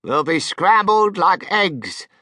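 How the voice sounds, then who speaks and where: A man's voice: high voice, sing-song, pushed and bright, no room sound, clean studio sound, pitched above the performer's own voice, exaggerated voice. A man voicing a fretful, wailing old grandmother. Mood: fearful. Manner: drawn-out, wailing. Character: fretful elderly grandmother, dramatic and fearful.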